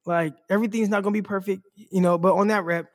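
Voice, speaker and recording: Rambling, laid-back man, slightly high voice. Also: steady tone, quick pace. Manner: loose and rambling, heavy on "like" and "bro". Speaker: sports podcast co-host. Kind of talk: casual chat.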